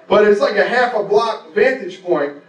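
Performing for a live crowd, an adult male storyteller spins a rambling, profane tale at his own expense. His voice is high, with lively intonation and a normal speed, captured by a distant mic in a roomy venue full of audience laughter.

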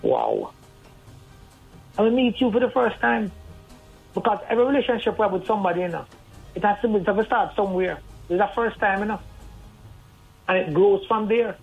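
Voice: mid-range voice, sing-song, fairly quick, vocal fry, long pauses, breathy edge. A radio guest, giving earnest, conversational advice over the phone. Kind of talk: radio call-in talk. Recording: tinny phone line over faint music.

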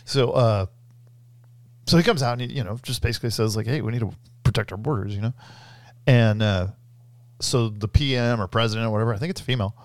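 A man's voice: mid-range voice, fast, pauses often, no echo. A man co-hosting a podcast in casual chat, with loose, profane banter and goofy impressions. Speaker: podcast co-host.

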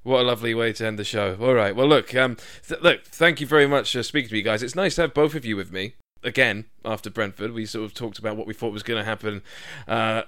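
A man's voice: lowish voice, quick pace, hardly any pauses, fairly bright tone, smooth. A man hosting a casual football podcast, chatty and enthusiastic, with frequent fillers and restarts. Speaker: podcast host.

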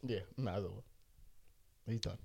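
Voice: low-pitched, fairly even intonation, moderate pace, gravelly, a little mellow, lo-fi sound. A young adult co-hosting a casual chat, laughing often and teasing in slang.

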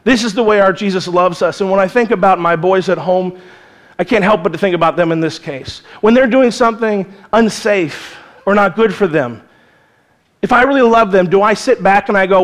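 A male pastor giving an earnest, conversational sermon in a church, mixing scripture with lively asides. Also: high voice, moderate pace.

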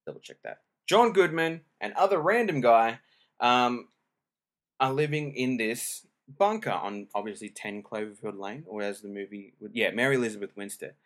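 A man's voice: mid-range voice, animated, moderate pace, fairly bright tone. Chatty man rambling about movies. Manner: rambling, chatty, self-deprecating, with many fillers and restarts. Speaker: podcast host. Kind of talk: casual solo movie review chat. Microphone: home recording.

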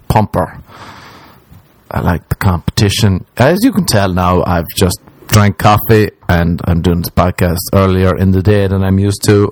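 A man's voice: on the low side, normal speed. A young Irish man hosting a comedy podcast alone, rambling jokily and slipping into mocking voices. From Ireland. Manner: rambling, jokey, jumps into mocking put-on voices. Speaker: podcast host. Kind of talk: comedic solo podcast monologue.

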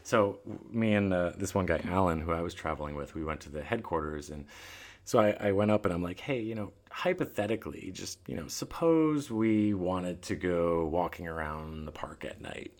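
A man telling a travel story in a casual chat, animated and acting out what people said. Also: deep voice, normal speed. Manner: animated, laughing, acts out quoted lines. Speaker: guest storyteller.

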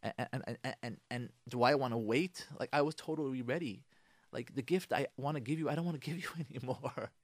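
A man's voice: medium pitch, brisk, no room sound, voice pushed down, natural voice. A man voicing a fed-up, muttering wife. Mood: frustrated, weary. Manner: muttering, weary, repeating herself. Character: exasperated wife on a ruined anniversary.

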